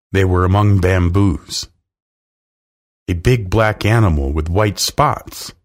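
Deep-voiced man reading a children's story. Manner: slow, expressive reading. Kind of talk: children's story read aloud.

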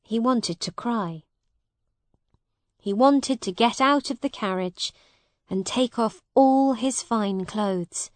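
A woman narrating a storybook in a slow, clear, simple reading manner. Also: medium pitch, a little mellow, no room sound.

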